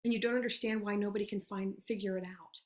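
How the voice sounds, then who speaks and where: A woman gives her network marketing team an earnest, chatty pep talk peppered with "you guys" and "y'all." Her mid-range voice holds a steady tone at a quick pace, occasionally softening to act out sample messages.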